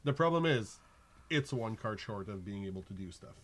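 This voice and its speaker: A man's voice: on the low side, animated, moderate pace, a little hiss or hum. A middle-aged man co-hosting a card game stream, chatting casually, laughing easily and narrating his plays. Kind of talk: casual chat while playing a card game.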